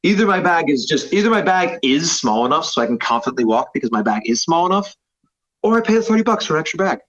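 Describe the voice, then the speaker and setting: His voice is a little high, fairly bright and sing-song, and he talks at a quick pace. He's a jiu-jitsu instructor in his thirties, rambling self-deprecatingly with plenty of fillers during a casual podcast conversation captured in slightly dull audio.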